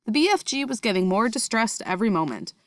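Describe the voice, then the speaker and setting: A woman reading a children's storybook aloud in a steady, expressive manner. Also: fairly high pitch, quick pace, no echo. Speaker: reader.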